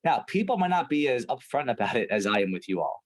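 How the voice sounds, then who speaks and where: A man's voice: medium pitch, big pitch swings, fast talker, poor audio. A man coaching a sales team over a video call, talking emphatically with lots of "right?" and "like". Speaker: sales trainer.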